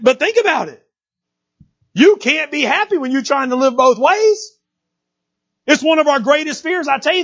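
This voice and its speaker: A man preaching a sermon in a folksy, animated way, often checking in with the congregation. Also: extremely high pitch, breathy edge, lo-fi sound. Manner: folksy, animated preaching with frequent "right?" asides. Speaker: pastor.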